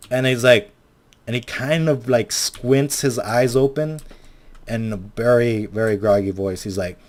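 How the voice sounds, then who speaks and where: A man's voice: mid-range voice, steady tone, moderate pace. A young man in his twenties telling a rambling, profane story while playing a game, often acting out what people said. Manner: rambling, swears a lot, acts out quotes. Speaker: Minecraft video maker.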